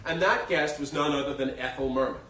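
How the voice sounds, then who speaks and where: A middle-aged man tells comic stories on stage in an animated, theatrical way. His voice is bright and swings widely in pitch. He is picked up from a distance in an echoey theater, with a faint murmur of the audience behind him. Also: brisk, a little hiss or hum. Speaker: solo stage performer. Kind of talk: live comic storytelling.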